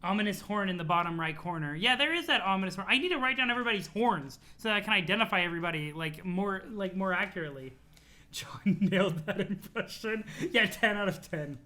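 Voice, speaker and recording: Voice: medium pitch, animated, fast, sharp tone. A streamer chatting with viewers during a live read-along, talking casually, laughing often and swearing freely.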